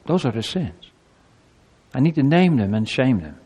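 A male preacher delivers a sermon with lively, swooping intonation. He keeps acting out short exchanges between people. His voice carries a long reverb, as if from a large hall. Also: mid-range voice, moderate pace, slightly rough. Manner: animated, acts out quoted speech. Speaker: pastor.

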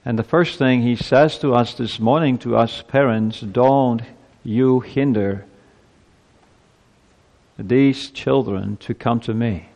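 A man's voice: mid-range voice, takes it slowly, creaky, darkish tone. A male pastor giving a sermon in a church, earnest and emphatic, his voice climbing as he presses his points. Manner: earnest, emphatic preaching with rising intensity. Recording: long reverb of a church hall.

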